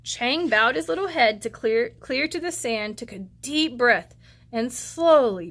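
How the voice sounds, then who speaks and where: A woman's voice: a little high, expressive, unhurried, fairly bright tone. A woman teacher reading a storybook aloud to children and encouraging them, with chatty asides between the passages.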